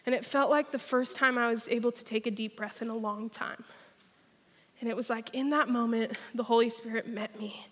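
A woman preaching a sermon in church, telling a lively story and guiding the congregation. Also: on the high side, moderate pace. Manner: energetic, storytelling, leads the crowd in a pretend ride. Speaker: speaker at church. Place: large church hall. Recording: long hall reverb.

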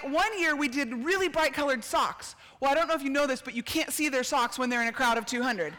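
A middle-aged woman tells stories in an animated sermon, throwing herself into acted-out quotes. Her voice is high and sharply bright. It carries a long reverb from a big hall. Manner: animated, acts out quotes, laughs and shouts. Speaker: speaker at a church gathering. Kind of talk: storytelling sermon.

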